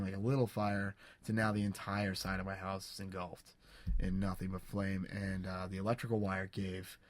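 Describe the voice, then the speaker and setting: A young man on a podcast, telling a personal story in a casual, halting way, with many restarts and fillers. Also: on the low side. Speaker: podcast co-host.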